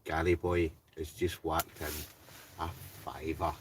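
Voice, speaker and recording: This Scottish quiz host, Ayrshire accent and all, speaks in a level bass voice at a slightly slow pace. He laughs a lot and jokes with his live-stream viewers from inside a tent, captured on a distant mic with slight hiss or hum.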